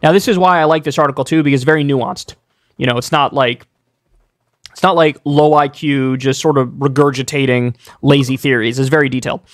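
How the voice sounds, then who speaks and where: A man reading an article aloud and commenting on it in a measured, explanatory way. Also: medium pitch, steady tone, dry recording, clean studio sound. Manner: measured, explanatory, reads aloud and then remarks on it.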